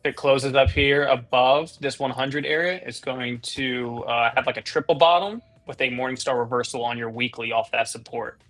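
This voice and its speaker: An upbeat man talks through stock charts and setups in a relaxed, quick way on a live trading stream. His voice sits in a middle register, and music plays faintly in the background. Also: mid-range voice. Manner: quick, upbeat market commentary with laughs. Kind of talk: casual trading chat.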